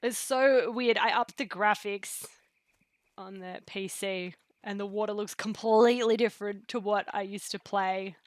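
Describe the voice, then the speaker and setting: A chatty woman talks through her game on a live stream, wandering from thought to thought with plenty of ums. Her pitch sits in an ordinary middle range, and she slips into quiet near-whispered asides now and then. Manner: rambling, chatty, full of fillers and pop-culture quotes. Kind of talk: casual live-stream chat while gaming.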